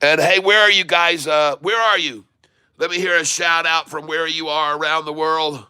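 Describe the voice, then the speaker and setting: A man from Michigan chatting on his live stream, eagerly calling out where his viewers are. His voice is bright, forceful and smooth, sitting a little high for a man. The sound is close and dry. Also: moderate pace, no echo. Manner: excitable, reading out viewer shout-outs. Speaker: livestream host. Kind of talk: casual livestream chat.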